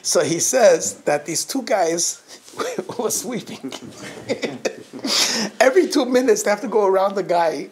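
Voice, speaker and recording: A man's voice: sits high, expressive, slow, a little hiss or hum. A middle-aged man, a rabbi, telling anecdotes to his congregation, often chuckling mid-sentence and restarting his phrases. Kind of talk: anecdotal holiday talk to a congregation.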